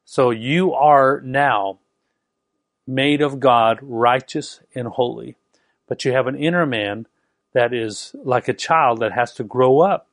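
Give me a man preaching fast and emphatically, with a dry, close sound. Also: medium pitch, no echo. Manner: fast, emphatic, repeats and restarts words. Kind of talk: sermon.

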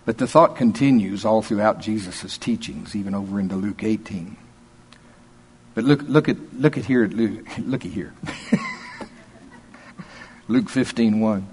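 A man's voice: on the low side, unhurried, pauses often, a little mellow, breathy edge. A man preaching a sermon in a folksy, emphatic, conversational way, reading scripture aloud and then explaining it.

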